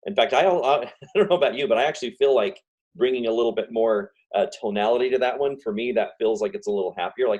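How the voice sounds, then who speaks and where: Fast-talking man on a video call. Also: fairly low pitch, darkish tone. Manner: fast, repeats example phrases. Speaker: guest speaker. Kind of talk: casual self-help talk.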